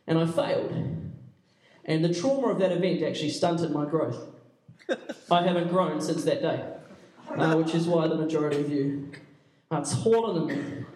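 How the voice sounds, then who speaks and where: A man's voice: a little high, a little mellow. A young man speaking as a youth pastor, telling comic, self-mocking stories to a youth audience. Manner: playful, self-mocking, jokey asides. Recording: echoey room, mic at a distance.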